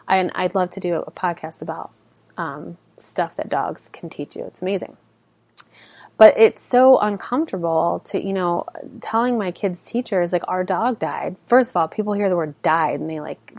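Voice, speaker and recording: A woman's voice: on the low side, darkish tone, dry recording. A woman in her thirties hosting a solo podcast, talking earnestly and conversationally as a mother, with lots of "like" and "you know". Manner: earnest, conversational, heavy use of "like". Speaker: podcast host.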